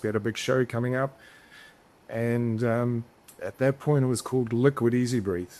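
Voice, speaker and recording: The speaker is a business founder appearing as a podcast guest, his voice medium-pitched, a little mellow, fairly even in intonation, and moderately paced. In a casual storytelling interview he rambles, swears freely, and often restarts sentences.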